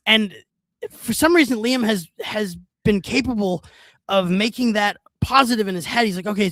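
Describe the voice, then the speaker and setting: A man's voice: sits high, a bit bright, no echo. A man co-hosting a show, rambling through gossip with amusement and lots of fillers. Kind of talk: casual gossipy chat.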